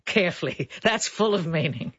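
A woman's voice: fairly low pitch, expressive, moderate pace, breathy edge, no echo. A woman who is a language expert, explaining word meanings on talkback radio in a thoughtful, explanatory way. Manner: thoughtful, explanatory, laughs often. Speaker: linguist guest expert. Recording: muffled dry radio broadcast.

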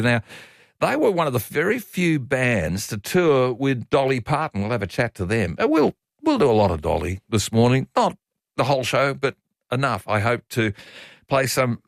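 A man's voice: mid-range voice, no room sound, clean studio sound. A man hosting a morning radio show, chatting in a rambling way with frequent restarts. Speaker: radio host. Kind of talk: casual chat. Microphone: studio microphone.

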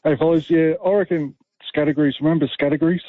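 A man's voice: fairly high pitch, fairly even intonation, quick pace, dry recording. An Australian man phoning into a radio show, easily explaining a board game. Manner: easygoing, explaining. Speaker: caller. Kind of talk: phone-in call. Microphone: phone. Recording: tinny phone line.

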